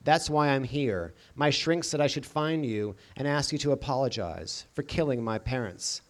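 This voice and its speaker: A man doing a haunted young man full of bitterness and grief, speaking slow and heavy, in an audiobook read at a middling pitch. The voice stays plain and close to the reader's own. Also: lightly acted. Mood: weary.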